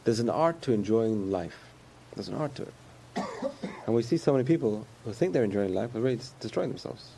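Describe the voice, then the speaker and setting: Gravelly man giving a casual sermon. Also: on the low side, lively intonation, fairly quick, mellow, a little hiss or hum. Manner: conversational, repetitive, chuckles often.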